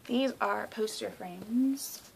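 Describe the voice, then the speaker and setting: A woman's voice: mid-range voice, very slow, vocal fry, a little hiss or hum, low-quality recording. Gushing young woman from South Carolina. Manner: excitable, gushing, heavy use of "like". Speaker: vlogger. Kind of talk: casual storytelling vlog.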